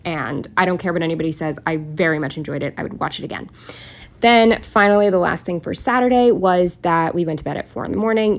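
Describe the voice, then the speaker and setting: A woman with a fairly low voice chats casually through her planner spreads. She is candid and blunt and drifts into long tangents in a relaxed, unscripted way. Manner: chatty and candid, rambling tangents, blunt opinions. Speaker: planner vlogger. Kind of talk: casual chat, voice-over while decorating a planner.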